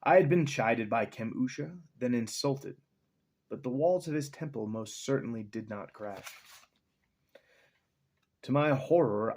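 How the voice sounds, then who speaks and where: Man reading a novel slowly at home. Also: medium pitch, a little mellow. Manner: slow, measured, dramatic first-person reading. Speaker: audiobook reader.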